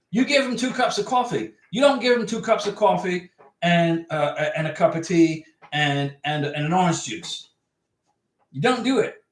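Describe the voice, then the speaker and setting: A man's voice: high-pitched, fairly bright tone. A man hosting a livestream, reading out viewer comments and giving advice in a chatty way, repeating his points for emphasis. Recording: echoey room.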